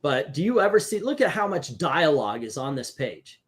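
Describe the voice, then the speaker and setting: A chatty man hosting a comic book review show, animated and quick to laugh. His voice sits a little higher than most men's. He talks things over casually with a co-host.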